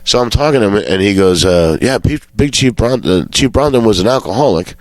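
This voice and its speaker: Low-voiced man telling comic stories. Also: animated, fairly quick, darkish tone, no echo. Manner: swearing storyteller who acts out quotes. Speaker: comedian guest. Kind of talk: casual anecdote telling.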